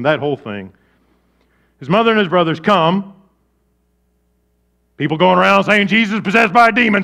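Man preaching, fairly high voice, goes loud then hushed, kinda muffled recording. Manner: lively preaching with big swings in volume; drops to quiet, low emphasis. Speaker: pastor. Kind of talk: sermon.

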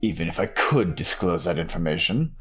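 A man's voice: deep voice, very animated, a little fast, a bit bright, breathy edge, soft background music, voice pushed down, heavily acted. A man playing a snide arrogant villain. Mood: condescending. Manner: condescending.

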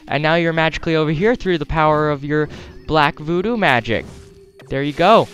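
A man's voice: on the high side, expressive, brisk, fairly bright tone. A man with a Wisconsin accent giving casual, playful gameplay commentary as a let's play host, chatting to game characters and correcting himself as he goes. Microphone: desktop headset mic. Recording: faint game music behind.

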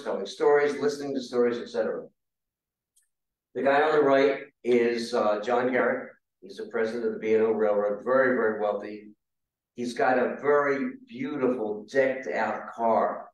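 A man giving a casual, conversational history talk with slides to a roundtable audience, now and then asking the room questions. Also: medium pitch. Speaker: guest speaker. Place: meeting hall. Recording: very echoey room, mic far off.

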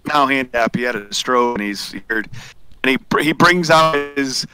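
A man's voice: mid-range voice, normal speed. A man in casual chat before a tabletop game, telling stories and laughing between bits. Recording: noisy video call line.

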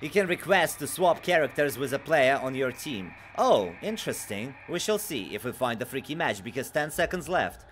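A man streaming a horror game live, chatting casually with viewers and reading their messages aloud, swinging from low mutters to loud, excitable outbursts. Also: normal speed, hardly any pauses, a little hiss or hum.

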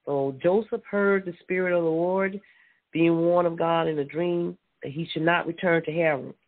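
A preacher giving an informal Bible teaching, reading scripture aloud, often repeating words and affirming with a quiet mm-hmm. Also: medium pitch, fairly even intonation, normal speed. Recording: tinny phone-line audio.

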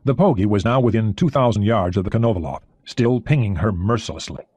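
A man reading an audiobook in a steady, expressive way. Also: lowish voice, fast, breathy edge, dry recording. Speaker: audiobook narrator. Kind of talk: audiobook narration.

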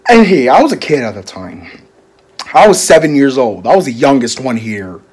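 A man talking quietly in a casual amateur fan drama. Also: mid-range voice, big pitch swings, moderate pace, slightly rough.

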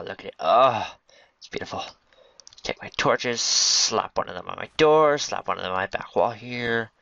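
With a low, creaky voice and a sharp tone, this gaming video host jokes and rambles as he builds, chatting both to himself and to creatures in the game. The lo-fi home recording sounds dull and has no room sound.

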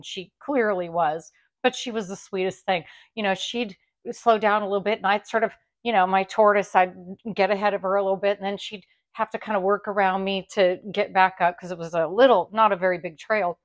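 A middle-aged woman talks to her viewers in a warm, chatty way. She laughs often and restarts her sentences as she tells a long story. Her voice sits at a middle pitch. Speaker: vlogger unboxing a clothing haul.

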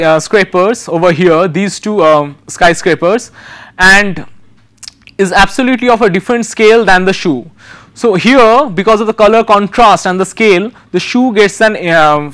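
A male university lecturer talks through design slides in a fairly high, clean and resonant voice. His delivery is halting, full of pauses and restarted phrases as he searches for the next word. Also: a bit bright, smooth.

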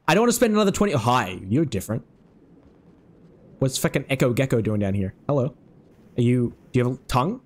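A man giving casual, excitable commentary on his own game run, swearing freely and chatting to the creatures on screen. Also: medium pitch, quick pace, pauses often. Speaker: let's play host.

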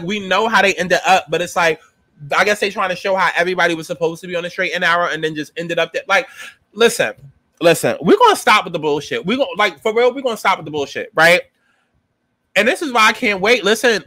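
A man's voice: sits high, bright, forceful tone, dry recording. A man, giving a sassy, profane, dramatic casual commentary as a TV show reviewer. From New York.

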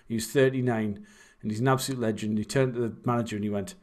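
A man's voice: fairly low pitch, fairly even intonation, quick pace, a little mellow. A young man, casually chatting and rambling while commentating on his own game. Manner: rambling, chatty, self-deprecating. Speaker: streamer.

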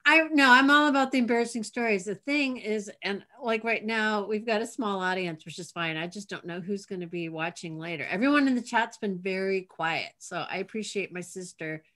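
A woman hosting a casual talk show over a video call, chatty and quick to laugh. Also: mid-range voice, a bit bright. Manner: giggly, bubbly, quick to laugh. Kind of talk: casual chat.

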